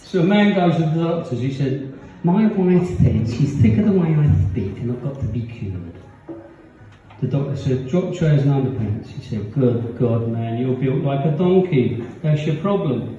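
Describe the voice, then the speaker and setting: A man's voice: on the high side, expressive, normal speed, mellow. A man doing a live stand-up set, delivering punchy jokes and acting out the characters in them. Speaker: stand-up comedian. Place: comedy pub venue with live audience. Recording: roomy, distant, dull live recording.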